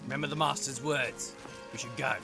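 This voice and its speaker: A man's voice: medium pitch, fairly even intonation, fairly quick, vocal fry, music in the background, natural voice. An actor playing a cautious male henchman in a fantasy game who urges his partner to leave. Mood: urging.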